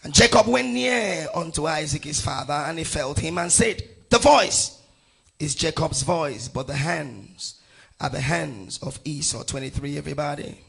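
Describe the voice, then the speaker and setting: A middle-aged man from Nigeria preaching, reading scripture aloud with his congregation. His voice is gravelly and husky, with bright, forceful edges. He swings widely in pitch, calling out verses and rising to shouts. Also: animated, normal speed. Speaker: pastor.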